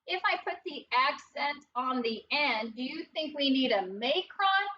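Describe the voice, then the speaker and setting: A woman teacher with a fairly high, bright voice leads a phonics lesson at an unhurried, careful pace. She sounds out letters and encourages the class. She is recorded from across the classroom, so the audio is distant and dull, with faint noise behind her. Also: lively intonation.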